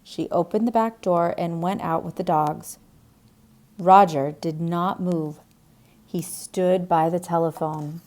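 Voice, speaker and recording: Brief: a woman narrating a graded-reader audiobook, unhurried and clear. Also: fairly low pitch, steady tone, darkish tone. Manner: slow, clear, deliberate reading.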